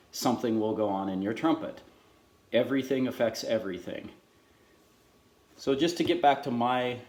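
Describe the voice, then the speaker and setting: Middle-aged man, slow and unhurried, explaining his gear with many restarts, roomy echo. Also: mid-range voice. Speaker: trumpet mouthpiece maker. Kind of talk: casual demonstration lesson. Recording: echoey room.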